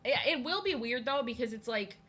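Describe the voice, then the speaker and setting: A woman's voice: a little high, lively intonation, a little fast, a bit bright, slightly rough. A young woman from New Jersey chatting casually while drawing on a live stream, rambling and repeating herself. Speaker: art streamer.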